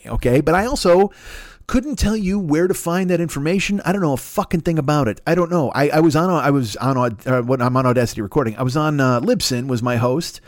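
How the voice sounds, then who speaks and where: A man's voice: a little high, animated, fast, no echo, studio quality. A man hosting his own podcast, a comedian rambling in a profane, self-deprecating solo monologue.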